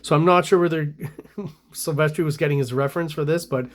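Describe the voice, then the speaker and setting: A Canadian man and comic artist giving relaxed, rambling commentary on comic art, with frequent fillers and restarts. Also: fairly high pitch, a little fast.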